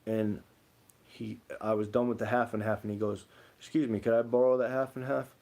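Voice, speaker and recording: Dark-toned and mid-range, this young man's voice barely moves in pitch, and he talks fairly quickly. As a livestream co-host, he rambles through stories, reads out comments, and fills his speech with "like."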